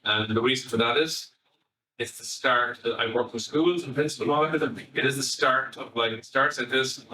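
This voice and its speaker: An Irish man, a family psychotherapist, giving an animated talk to educators and acting out bits of dialogue as he tells stories. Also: mid-range voice, moderate pace, slight background noise. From Ireland. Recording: echoey hall, voice from far off.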